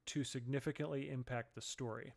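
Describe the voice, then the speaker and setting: A man running a tabletop game, answering with short, easygoing replies and describing the scene. His voice sits at a middle, ordinary pitch. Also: brisk, gravelly. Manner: relaxed, brief replies. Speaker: game master.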